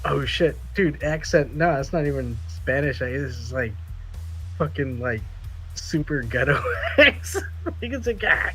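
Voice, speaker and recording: A man rambles through casual podcast chat, crude and often groping for the right word. His voice sits at a middling pitch, with faint music behind him. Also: lively intonation, a little slow, a bit bright, husky, rough recording. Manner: rambling, crude, searching for words. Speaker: podcast panelist.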